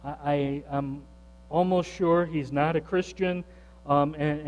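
A man, a pastor, telling a story in a sermon with a conversational manner that turns animated when he quotes others. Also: on the high side, unhurried. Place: church sanctuary. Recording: long hall reverb with mains hum.

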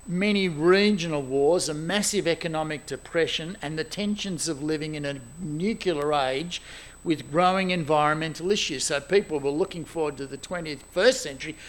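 A man preaching a sermon, animated and exclaiming, moving between loud emphasis and quiet asides. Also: a little high.

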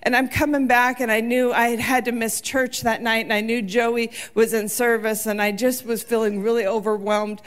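A woman's voice: fairly high pitch, flat delivery, moderate pace, hardly any pauses. A woman in her forties giving a sermon, telling personal stories in an earnest, heartfelt way. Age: 40s. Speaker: church speaker.

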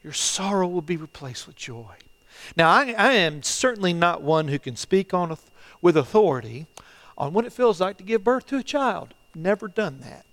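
A middle-aged man preaching a sermon as pastor, earnest and halting, often repeating phrases and swinging between loud and hushed delivery. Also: sits high, animated. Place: church, online service.

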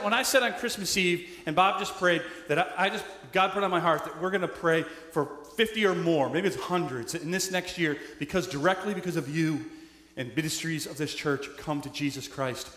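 High, bright-voiced man preaching in a hall. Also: lively intonation, normal speed. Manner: conversational preaching, asks the audience "right?" often; acts out quoted voices. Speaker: pastor. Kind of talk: sermon. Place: church sanctuary. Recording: echoey hall with long reverb.

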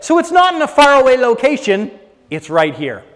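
High-voiced man preaching in a hall. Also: sing-song, moderate pace. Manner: dynamic preaching, swinging from quiet to loud. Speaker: pastor. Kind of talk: sermon.

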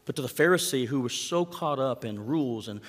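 A man's voice: mid-range voice, animated, fairly quick, long reverb tail. A man preaching a sermon in a conversational way, asking the congregation rhetorical questions. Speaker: pastor.

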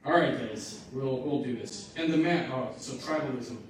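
Brief: male pastor, relaxed asides; distant mic, huge reverb, background noise. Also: medium pitch, normal speed. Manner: informal, restarting asides. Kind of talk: sermon. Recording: echoey hall from far off.

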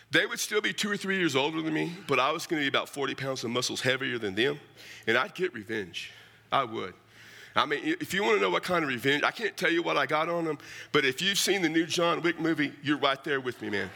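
Middle-aged male preacher, gravelly and bright, folksy joking storyteller who calls everyone "man". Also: on the high side, lively intonation, a little fast. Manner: folksy and humorous, addresses listeners as "man". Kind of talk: storytelling sermon.

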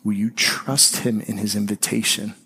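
A man preaching a sermon as pastor, speaking conversationally and slowing and softening on key phrases. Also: fairly low pitch, little pitch movement, husky.

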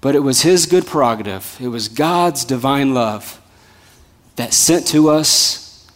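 A man's voice: mid-range voice, lively intonation, measured pace. Male pastor preaching with a ringing hall echo. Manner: rhythmic, repetitive preaching that swings from loud emphasis to soft, hushed lines. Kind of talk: sermon. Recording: long hall reverb.

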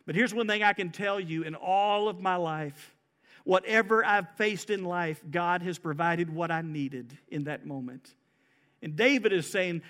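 A man's voice: high voice, expressive, a little slow, fairly bright tone. A man preaching a sermon, building emphasis as he quotes scripture. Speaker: pastor.

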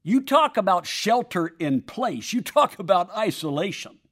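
A man's voice: high voice, a little slow. A man telling a personal story in a sermon-like way, acting out the voices of the people in it. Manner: animated, acts out quoted voices.

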